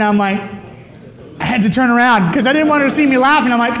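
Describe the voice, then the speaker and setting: A middle-aged man giving an animated storytelling testimony, his voice leaping up with excitement as he acts out dialogue. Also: very high voice, quick pace, very noisy. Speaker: speaker giving a personal testimony.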